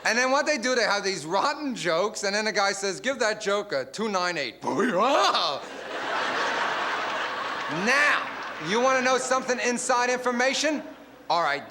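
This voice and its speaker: Animated stand-up comic, high lively voice. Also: male voice, moderate pace. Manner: animated, acts out bits in loud put-on voices. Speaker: stand-up comedian. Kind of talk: stand-up comedy routine. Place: live television stage before a studio audience. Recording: noisy live broadcast with crowd laughter. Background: audience laughter.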